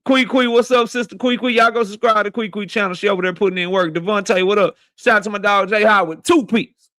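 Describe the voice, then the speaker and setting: A man hosting a boxing livestream who greets viewers by name in loud, slangy, profane banter. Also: sits high, steady tone, fast talker, no room sound, studio quality. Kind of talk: casual livestream chat, shouting out viewers.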